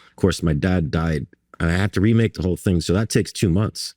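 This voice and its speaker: A man's voice: sits low, brisk, a little mellow, dry recording, studio quality. A man from New York and Barbados, a guest artist telling stories in conversation, with many restarts and fillers. He acts out the voices of the people in his stories. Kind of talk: conversational storytelling.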